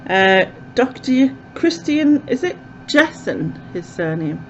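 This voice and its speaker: A woman's voice: a little high, big pitch swings, slow pace, slight background noise. A woman chatting casually as a vlogger, rambling with lots of fillers, recorded with dull, lo-fi sound. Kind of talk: casual chat to camera.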